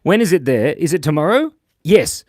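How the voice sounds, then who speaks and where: A man's voice: fairly high pitch, sing-song, moderate pace, darkish tone, no echo. A man hosting a live drawing stream, chatting casually with viewers, reading their comments and joking at his own expense while laughing often. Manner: playful, joking and self-mocking. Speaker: livestream host drawing for viewers.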